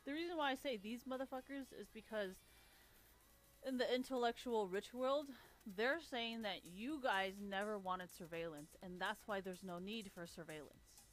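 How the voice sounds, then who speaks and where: A woman's voice: medium pitch, normal speed. Sarcastic lady ranting on stream, cusses a ton, mid voice, bit of music under. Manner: blunt, sarcastic, swears constantly. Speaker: livestreamer. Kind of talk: profane ranting monologue.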